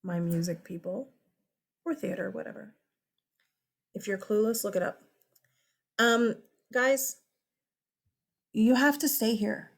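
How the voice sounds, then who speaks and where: A woman teaching a class in a loose, conversational way. Her voice sits at an ordinary pitch, and she drops in teasing asides to the students as she goes. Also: slow pace, vocal fry, long pauses. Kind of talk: casual classroom lecture.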